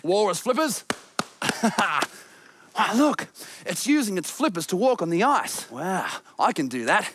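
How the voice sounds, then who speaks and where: A woman's voice: medium pitch, sing-song, slow, background noise. A woman presenting a children's TV show, exploring playfully, giggling and singing as she talks to the viewers. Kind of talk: children's show narration with songs.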